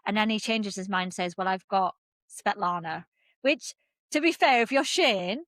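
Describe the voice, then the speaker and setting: A young woman co-hosting a podcast, gushing and excitable as she recaps a TV episode and swears freely. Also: mid-range voice, moderate pace, no echo, clean studio sound. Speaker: podcast co-host. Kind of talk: casual chat recapping a TV episode.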